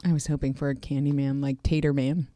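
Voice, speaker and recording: A woman's voice: a bass voice, level tone, fast talker, mellow, no room sound, studio quality. A woman co-hosting a podcast, chatting and telling stories in a casual way. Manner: chatty, storytelling. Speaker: podcast co-host. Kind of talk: casual chat.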